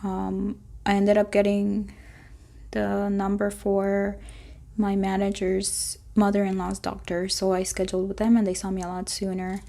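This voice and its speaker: A woman chatting through a storytime vlog with a gravelly, fry-heavy voice. Her tone is mellow and dark, with little rise and fall. She rambles on and acts out little bits of dialogue. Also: mid-range voice, monotone, unhurried. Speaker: vlogger.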